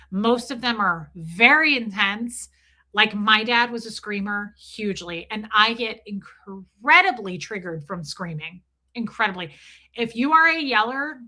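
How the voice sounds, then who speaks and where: Woman, livestream host, casual storytelling, emphatic, bright clear tone. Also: medium pitch. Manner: candid, emphatic.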